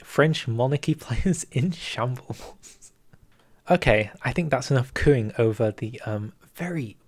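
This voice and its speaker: Male gaming creator, mid pitch, excitable preview commentary with chuckles and hushed asides.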